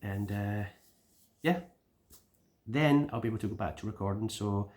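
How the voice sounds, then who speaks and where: A man's voice: fairly low pitch, normal speed, a little mellow. A Scottish man giving a casual vlog update, rambling, with repeated words and restarts. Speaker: gaming YouTuber.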